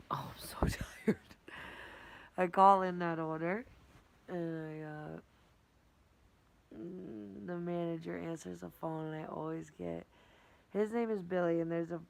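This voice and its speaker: Low gravelly woman rambling casually. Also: a little mellow, poor audio. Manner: rambling, casual, swearing, often drops to a whisper. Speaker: vlogger and fitness instructor. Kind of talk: casual daily recap vlog.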